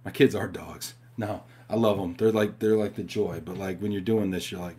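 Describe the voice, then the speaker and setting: A man's voice: sits low, fairly even intonation, a little slow, a little mellow, breathy edge. A man hosting a live stream from home, chatting casually and reading viewer questions, upbeat and talking straight to his audience. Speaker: host of a live show.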